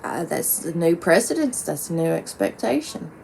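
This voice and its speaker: A woman's voice: on the low side, big pitch swings, moderate pace, vocal fry, darkish tone, slight background noise. A woman talking bluntly and profanely in a rambling casual monologue, with lots of "like"s. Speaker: vlogger.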